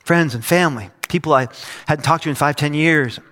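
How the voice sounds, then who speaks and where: Middle-aged man, pastor, bright voice, preaching in a hall with long reverb, lively storytelling. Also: on the high side, brisk. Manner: storytelling with acted quotes and laughs. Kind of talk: sermon. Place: church stage.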